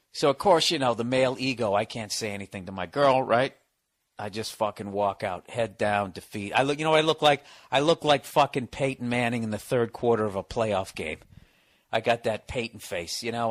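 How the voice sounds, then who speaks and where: A man's voice: mid-range voice, a bit bright. A man hosting a podcast, telling a comic story in a profane, exasperated rant. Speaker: podcast host. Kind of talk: comedic storytelling monologue.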